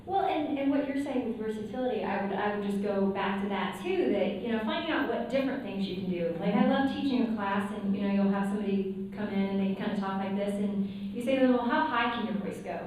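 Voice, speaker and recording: A woman's voice: medium pitch, fast, slight background noise. Upbeat woman panelist, playful and coaxing; distant mic, big reverberant convention hall. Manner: energetic, playful, coaxing the audience. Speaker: panelist voice actor.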